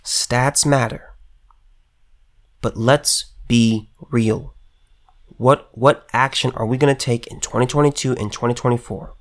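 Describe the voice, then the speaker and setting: A man's voice: mid-range voice, fairly even intonation, unhurried. A heated male commentator talking straight to his audience, hammering his points with repetition. He trips over restarts as he builds up steam, his voice in an ordinary middle register. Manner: emphatic, repetitive, stammering restarts, addresses viewers directly. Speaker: political commentator. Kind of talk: impassioned political rant.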